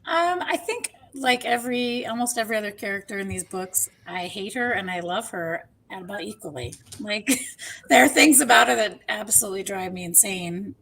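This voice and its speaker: A woman podcast guest with a husky, slightly gravelly voice. She talks frankly and chattily, acting out little asides along the way. The mood is loose and conversational. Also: mid-range voice, normal speed, fairly bright tone. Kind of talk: casual discussion.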